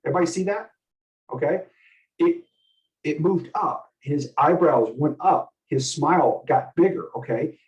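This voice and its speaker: A middle-aged man coaching a group in communication, animated and asking the group many questions. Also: fairly high pitch, distant mic, dull audio. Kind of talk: teaching a group session.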